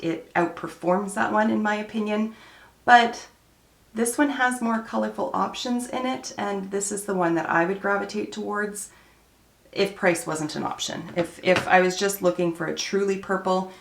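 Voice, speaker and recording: A woman beauty vlogger narrating a makeup tutorial in a relaxed, chatty voice-over, explaining each step. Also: on the low side, gravelly.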